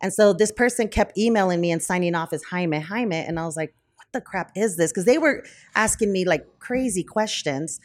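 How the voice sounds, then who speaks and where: A woman with a somewhat low voice tells a story in a podcast interview. She talks casually with lots of fillers and restarts. She jumps up in pitch whenever she acts out what other people said. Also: brisk, few pauses. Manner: lively, acts out quoted dialogue in higher voices; frequent fillers, self-corrections. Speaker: brewery owner, podcast guest.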